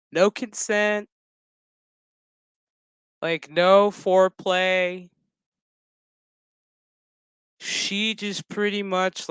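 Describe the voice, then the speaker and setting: Male streamer, sassy and profane, smooth voice, unhurried delivery, dry close sound. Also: high-pitched, a bit bright, dry recording. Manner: sassy, profane, exaggerated retelling. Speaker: streamer reviewing a show. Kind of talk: casual crude reaction commentary.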